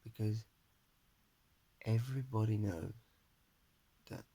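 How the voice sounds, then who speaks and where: A young man speaks into his phone at home with a gravelly, husky voice. He rambles earnestly through a self-motivating pep talk, pitched a touch low. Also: takes it slowly, dark tone. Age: young adult. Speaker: vlogger. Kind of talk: rambling personal monologue to camera. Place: his flat at home, indoors. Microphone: phone camera held in front of face.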